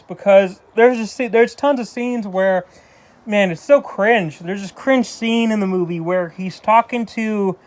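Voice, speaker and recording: A man with a fairly high voice talks through a casual movie review. He rambles, trips over his words and restarts his sentences often, drifting into loose asides as he goes. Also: smooth. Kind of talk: casual spoken film review.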